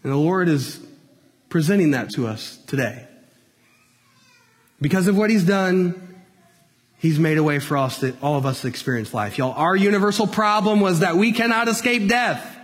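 A man preaching a sermon to his congregation in a folksy way, calling them "y'all", and swinging from loud high peaks down to hushed low lines. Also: normal speed, pauses often. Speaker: pastor. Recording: long reverb of a large hall.

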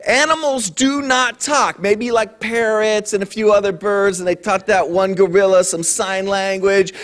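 A man in his forties preaching a sermon, animated and full of jokes as he tells the story. His voice sits high for a man, and his pitch swings widely from line to line. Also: a little slow, few pauses. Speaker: pastor.

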